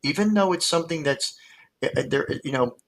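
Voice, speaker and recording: A man's voice: on the high side, fairly quick, fairly bright tone, low-quality recording. A man, a hypnotist guest, explaining his methods in casual talk with many fillers and restarts, heard over a video call.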